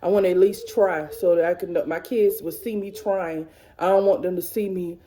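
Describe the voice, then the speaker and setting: A woman's voice: fairly low pitch, steady tone, a little fast, warm tone. A woman in her thirties vlogging to camera in casual, emotional chat, rambling and repeating herself. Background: kids faintly in background.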